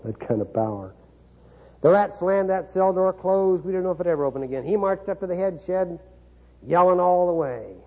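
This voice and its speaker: Chuckling often and leaning on wry humor, a middle-aged man from Kansas tells a dramatic personal story in a motivational keynote. His voice is a little high and husky, captured in dull, lo-fi audio.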